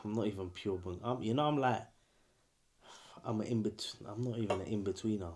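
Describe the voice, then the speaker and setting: A man's voice: fairly low pitch, fairly quick, darkish tone. A young man co-hosting a podcast, teasing and joking in slangy chat. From England. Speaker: podcast co-host. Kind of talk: casual chat.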